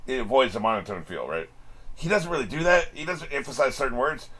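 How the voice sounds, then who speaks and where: A man with a bright, forward tone rattles off casual reaction commentary. His pitch jumps around a lot as he wisecracks, swears freely and chuckles between remarks. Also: animated, fairly quick. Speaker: anime reaction channel host.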